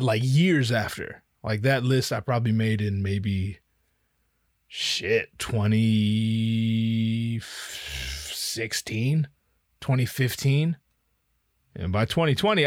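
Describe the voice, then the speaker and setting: A man's voice: on the low side, dry recording, studio quality. A man hosting a podcast in a casual, rambling monologue, profane and self-mocking. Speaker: podcast host. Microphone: podcast headphones and mic.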